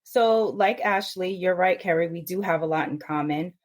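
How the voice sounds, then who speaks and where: Animated woman, low voice, lively storyteller. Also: normal speed. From United States. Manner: animated, mimics others' voices in quotes. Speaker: guest. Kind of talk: casual podcast interview.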